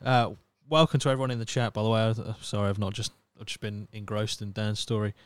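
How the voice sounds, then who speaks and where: Male podcast host, smooth and resonant, easygoing chat, close dry mic. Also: fairly low pitch, quick pace, no echo. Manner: relaxed, swears casually, reads chat aloud. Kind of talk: casual chat.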